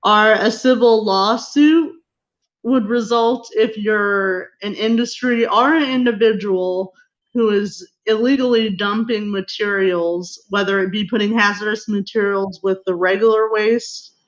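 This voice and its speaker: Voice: medium pitch, steady tone, unhurried. A guest speaker presenting a lecture on a video call, explaining steadily with occasional fillers. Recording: muffled video call audio.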